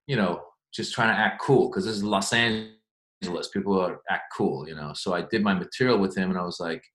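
Guy comedian telling stories in an interview, lowish voice, bit of room echo. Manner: chatty, animated storytelling with quick asides. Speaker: stand-up comedian. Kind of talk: interview answers. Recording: echoey room.

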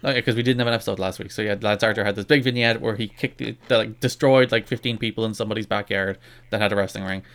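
A man's voice: fairly low pitch, fairly even intonation, rapid-fire, a bit bright. A man co-hosting a casual wrestling podcast, rambling and self-deprecating with lots of restarts. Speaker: podcast co-host.

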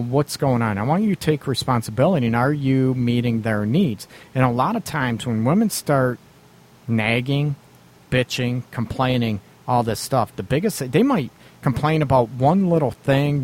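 A man hosting a radio advice show, talking bluntly and casually about relationships with frequent laughs and mild swearing. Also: mid-range voice.

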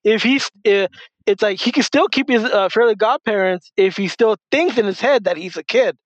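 Guy on a lo-fi mic, kinda high voice, rambles and restarts a lot, casual chat. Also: moderate pace, no room sound. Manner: rambling, many restarts and fillers. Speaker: podcast co-host.

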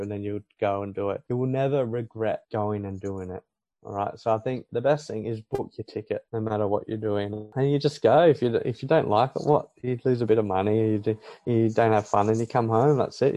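A man in his thirties, an English teacher with an Australian accent, chats casually as a guest on a podcast interview, full of fillers, restarts and laughter. His voice sits on the low side and sounds mellow, captured in a dry, dull recording.

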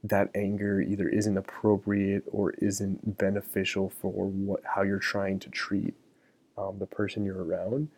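A middle-aged man talks through his podcast episode in a relaxed, meandering way, leaning on fillers as he thinks aloud. His voice sits low with a gravelly edge and a dark, mellow tone. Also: unhurried. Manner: relaxed, many fillers like um and you know. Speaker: podcast host. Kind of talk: casual solo podcast talk.

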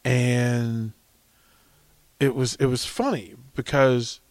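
A middle-aged radio host chats casually on air from a radio studio, rambling through stories and laughing often. His mid-range voice is level, slow and somewhat dark, captured on a studio microphone with no echo.

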